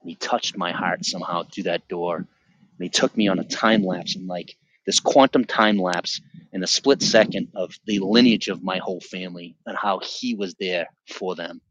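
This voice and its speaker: A middle-aged man sharing his personal religious testimony on a podcast, earnest and vivid, often halting and restarting his sentences. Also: low voice, steady tone, a bit bright, dry recording.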